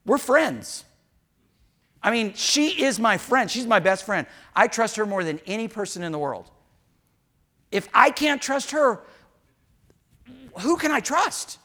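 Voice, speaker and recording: A pastor man delivers a sermon in a church, his voice bright and lifted slightly above the usual male range. He talks candidly to his people and breaks into humorous asides, acting out little snatches of dialogue along the way. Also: high voice, very animated, unhurried, long pauses. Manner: candid, joking asides with acted-out quotes.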